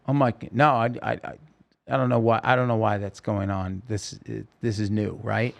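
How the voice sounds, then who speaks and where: A middle-aged man telling a story as a podcast guest, lively and acting out the voices of the people he quotes. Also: fairly low pitch, moderate pace, vocal fry. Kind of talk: casual storytelling interview.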